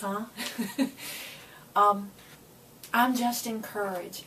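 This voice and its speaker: A woman talking warmly and earnestly to her viewers in a casual, motivational way, her feelings close to the surface. Her voice sits in a middle register and comes across from a little way off the microphone. A faint hiss hangs behind it. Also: mid-range voice. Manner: earnest and emotional. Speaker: Christian vlogger sharing encouragement. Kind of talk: casual motivational talk to camera. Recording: voice a bit far from the mic with faint noise.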